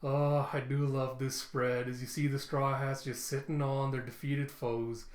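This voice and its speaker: A young male comic reviewer, medium-pitched and level, reads comic panels aloud at an unhurried pace in an echoey room. He laughs casually as he narrates and slips into character voices.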